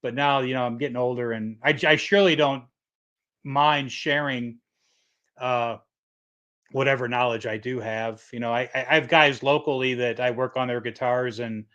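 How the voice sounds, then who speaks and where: Middle-aged male livestream host, rambling storyteller, muffled lo-fi sound, mid-pitched voice. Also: fairly even intonation, normal speed, fairly bright tone. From Michigan. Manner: rambling storyteller, reads chat comments aloud. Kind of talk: casual livestream chat.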